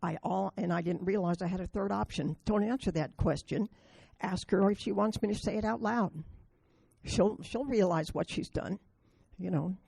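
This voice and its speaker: Woman, meeting speaker: mellow, raspy, blunt storyteller. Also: medium pitch, moderate pace, no room sound. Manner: blunt, storytelling, self-deprecating. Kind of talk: recovery meeting talk with stories.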